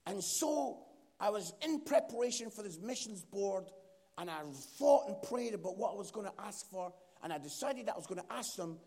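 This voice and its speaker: A Scottish man preaching a sermon in a church, telling a story with lively, acted-out quotes. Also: sits high, moderate pace, gravelly. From Scotland. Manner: animated storytelling, acts out quotes.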